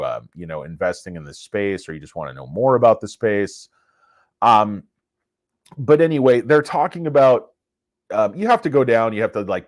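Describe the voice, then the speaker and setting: A man hosting a stock investing channel, giving casual, rambling market commentary in an excitable, self-mocking way. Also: lowish voice, dry recording, studio quality.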